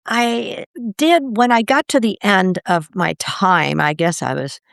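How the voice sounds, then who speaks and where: Podcast guest, older woman, low gravelly voice, lively storyteller who voices the people she quotes, dry close sound. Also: measured pace, no echo. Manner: animated, acts out quoted voices with big pitch jumps. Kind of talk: conversational storytelling.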